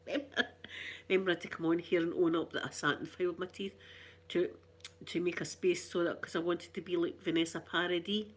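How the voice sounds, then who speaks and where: A cheeky Scottish woman who hosts an ASMR channel talks in a lowish voice at a fairly quick clip. Her casual, chatty ASMR talk rambles along as she tells stories at her own expense.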